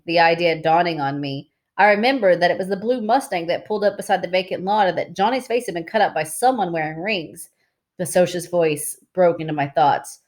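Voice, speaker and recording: A woman reading a novel aloud in steady, plain narration. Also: on the low side. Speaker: reader.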